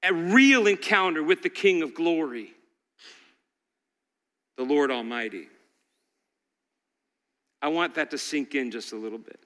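A man delivers a sermon at an unhurried pace, his high voice rising to fervent calls and dropping to hushed intensity. His bright, clear tone rings out in a large church hall with a long reverb trailing each phrase. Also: expressive. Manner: impassioned, swings from loud exhortation to quiet intensity. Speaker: pastor.

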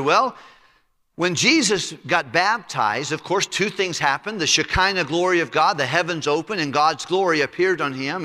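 A man preaching a sermon as pastor, emphatic, letting his voice sink low and quiet on key words. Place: church sanctuary. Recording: reverberant church hall.

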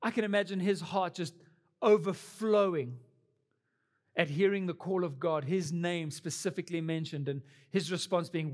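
A man's voice: high voice, moderate pace. A young adult man preaching a sermon as pastor, earnest and building to emphatic peaks.

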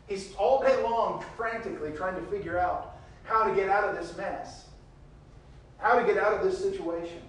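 A man preaching a sermon, reading scripture verses aloud and retelling them with big swings between loud and quiet. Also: high voice, moderate pace, heavy reverb, distant mic, low-quality recording.

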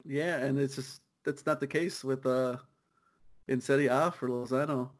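A man's voice: mid-range voice, fairly even intonation. A young man co-hosting a soccer podcast, chatting casually and riffing with easy laughs. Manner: laid-back, quick riffing with laughs. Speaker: podcast co-host.

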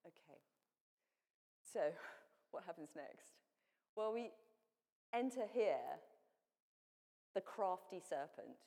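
A woman's voice: sits low, mellow. A woman giving a sermon, explaining scripture in a plain teaching manner with frequent self-corrections. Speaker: preacher. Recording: long hall reverb.

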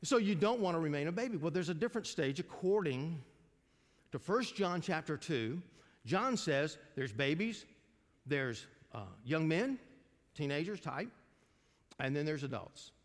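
High-voiced older male pastor preaching. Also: animated, measured pace. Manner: folksy preacher, asks the congregation questions. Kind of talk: sermon. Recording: long reverb of a large hall.

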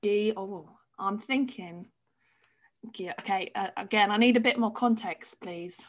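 A woman's voice: mid-range voice, measured pace. A woman hosting a casual chat, curious, repeating words back and laughing readily. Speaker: host.

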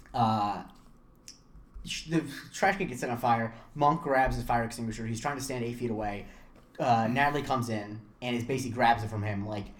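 A young man from Florida co-hosting a podcast, telling stories in a rambling, self-interrupting way. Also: medium pitch. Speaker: podcast co-host. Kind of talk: casual chat.

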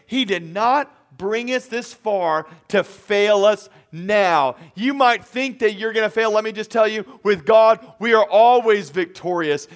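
A man with a high voice preaches a sermon from an empty auditorium. He drives each point home through repetition and acted-out quotes, and his delivery is emphatic throughout. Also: a bit bright. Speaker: pastor.

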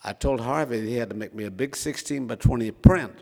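A man's voice: mid-range voice, fairly quick, gravelly, warm tone. An older man from Minnesota telling a self-mocking personal story, chatty with frequent fillers. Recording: reverberant hall.

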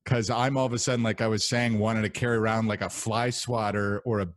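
A man's voice: on the low side, little pitch movement, fast. A man co-hosting a comedy podcast, rambling and swearing in casual chat. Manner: rambling, profane, jokey. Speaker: podcast co-host.

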